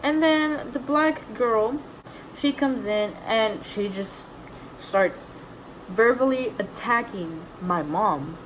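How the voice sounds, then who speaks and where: A woman's voice: fairly high pitch, lively intonation, slow pace, slight background noise, rough recording. A young woman vlogger casually retelling a story, chatty and indignant, full of "like"s.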